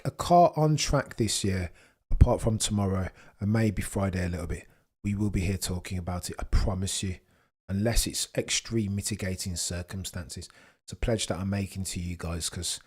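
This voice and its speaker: A man's voice: fairly low pitch, expressive, moderate pace, slightly rough. A man in his thirties hosting a casual livestream, chatty and self-mocking, talking to his viewers with many restarts, sounding tired. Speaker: livestream host.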